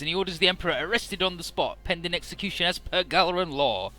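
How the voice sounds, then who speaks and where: A man's voice: high-pitched, quick pace, hardly any pauses, pushed and bright, soft background music. Chatty man recapping a game story. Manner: chatty, fills with "uh" and "he's like". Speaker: let's play narrator.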